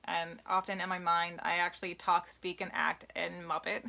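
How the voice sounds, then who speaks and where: A woman co-hosts a live question-and-answer stream in a loose, rambling way, full of fillers and false starts. Her voice is bright and forward and sits slightly low. She sounds emotional and earnest as she talks. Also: level tone, moderate pace, gravelly, few pauses. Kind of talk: casual live Q&A chat.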